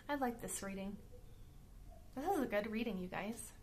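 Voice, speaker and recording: A woman's voice: fairly high pitch, measured pace, a little mellow, slight background noise. A woman giving a casual tarot card reading, chatty and blunt, who keeps checking in with "okay?" and "all right?". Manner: blunt, with the odd swear word. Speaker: tarot reader.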